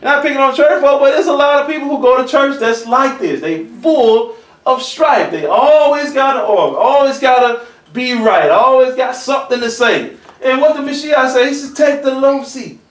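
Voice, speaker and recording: Man, church elder; animated conversational preacher, high pitch, recorded from a distance. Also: moderate pace. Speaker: church elder teaching a lesson. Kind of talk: preaching a Bible lesson. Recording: roomy echo, from far off the mic.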